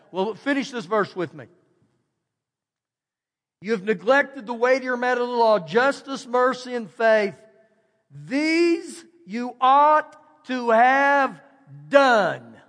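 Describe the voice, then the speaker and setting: A man's voice: very high-pitched, a bit bright, long reverb tail. A man preaching a sermon as pastor, in a conversational way that acts out the quoted voices. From Texas, USA. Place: church sanctuary.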